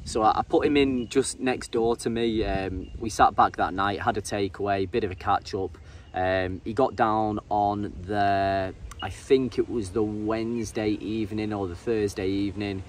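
Low-voiced English man, halting. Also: steady tone. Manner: halting, repeats words, frequent ums. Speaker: angler and vlogger. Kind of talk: casual vlog narration. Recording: distant mic with faint ambient noise.

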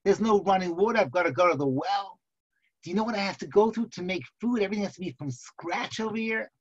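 A man's voice: sits high, fast, husky, muffled recording. A man voicing a young wife who complains, exasperated and overwhelmed, about her hard daily life.

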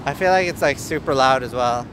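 A man's voice: mid-range voice, brisk. A young Northern Irish man chatting in a goofy, rambling way while streaming live from city streets. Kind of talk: casual outdoor live stream. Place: outdoors on busy city streets. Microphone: handheld camera filming himself. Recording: street traffic noise behind.

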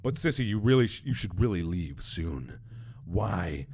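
A man reading a blunt, unflappable young man's game dialogue aloud in a slightly lowered voice. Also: very animated, measured pace, a little mellow, breathy edge, heavily acted. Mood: earnest.

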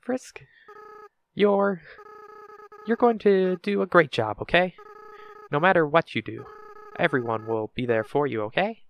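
A man reading the lines of a remorseful young goat-monster boy prince from a game, slowly and apologetically. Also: a little high, lively intonation, creaky. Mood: tender. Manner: slow, tearful, apologetic reading. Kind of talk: reading game dialogue aloud.

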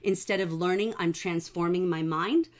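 A middle-aged woman teaching a livestreamed writing class from her home computer, warm and enthusiastic as she praises her students' work. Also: lowish voice, normal speed.

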